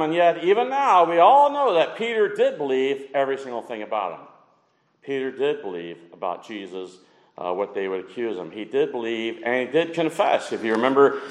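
A man preaching a sermon, acting out the quotes with big swings in pitch and loudness. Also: sing-song, normal speed, in a large hall, rough recording. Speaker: pastor.

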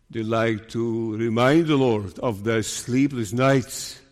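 Slow, earnest preacher in a reverberant hall. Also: male voice, medium pitch, a little mellow. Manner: slow, earnest, acts out worried believers' voices. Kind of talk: sermon.

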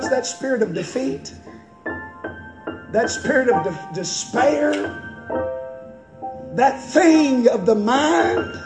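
A man preaching a sermon in a church, impassioned and building to shouts. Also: very high voice. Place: church sanctuary. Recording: echoey church with loud music.

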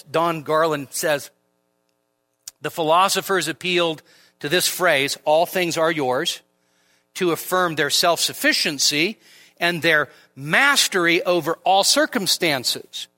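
A man preaching an expository sermon at a midweek church service, lively and conversational, with frequent rhetorical questions. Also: high voice. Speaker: pastor.

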